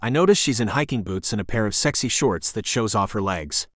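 A young man narrating an audiobook in the first person, with an expressive, conversational storytelling manner. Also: on the low side, fairly quick, no room sound, clean studio sound.

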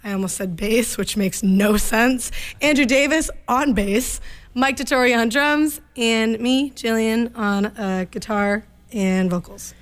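A young woman guest in a small radio studio, chatting casually and laughing often, talking in quick bursts. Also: fairly high pitch. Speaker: band leader, guest.

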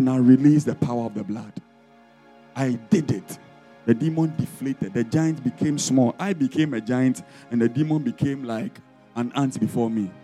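A man's voice: medium pitch, slightly rough. A man preaching as an apostle, leading fiery deliverance prayer with commanding, repeated decrees. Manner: commanding, repetitive decrees, rising to shouts.

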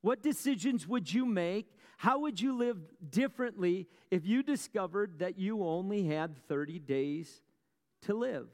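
Male pastor, sermon, fairly high voice, storytelling with pauses, wry asides, long hall reverb. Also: expressive, a little mellow. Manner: storytelling with dramatic pauses and rhetorical questions.

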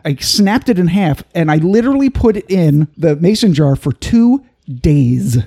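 Man, high pitch, husky, mellow tone, casual tasting chat, reads notes aloud. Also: expressive, normal speed. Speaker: podcast host.

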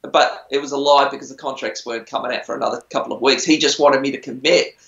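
A man's voice: medium pitch, steady tone, fast talker, fairly bright tone. A middle-aged man, a musician, telling stories in a rambling, chatty, self-deprecating way during a casual interview. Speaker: musician on a TV singing show. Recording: roomy, dull lo-fi sound.

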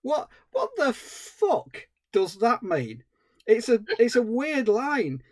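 A man co-hosting a podcast, giving an animated, exasperated film review with dry humour. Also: extremely high pitch, slow, no echo. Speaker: podcast co-host. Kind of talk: casual film review chat.

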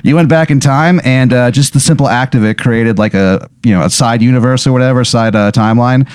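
A man's voice: medium pitch, fairly quick, darkish tone, clean tone, dry recording, studio quality. A man narrating an improvised comedic game scene in a casual, profane, rambling way with many fillers. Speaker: game master.

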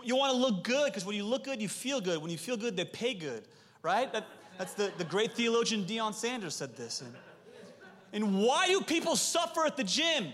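Man, pastor, thirties, high voice, animated sermon storytelling, audience call-outs, long hall reverb. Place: church hall.

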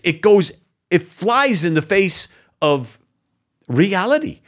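A man's voice: a little high, big pitch swings, moderate pace, long pauses. A man hosting an opinion commentary show, sarcastic and exasperated, mocking what he reads out with scoffing laughs. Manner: indignant, exasperated. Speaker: political commentary host.

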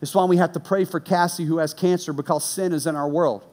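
A man preaching a sermon in a high, lively voice. He tells stories with animated energy, shouting the punchlines, then drops low and quiet to make his serious points. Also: quick pace. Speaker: pastor. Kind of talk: sermon with personal story.

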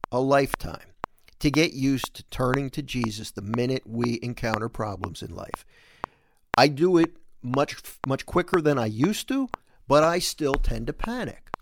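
A male host giving an earnest, animated Catholic talk on scripture, voicing the quoted lines with extra lift. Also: mid-range voice, gravelly, noisy background.

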